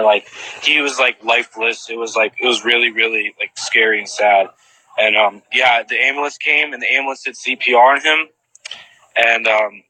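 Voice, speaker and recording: A man's voice: mid-range voice, bright, forceful tone, no echo, low-quality recording. A man casually retelling what he witnessed and answering viewers' questions, rambling with lots of "like" fillers and restarts.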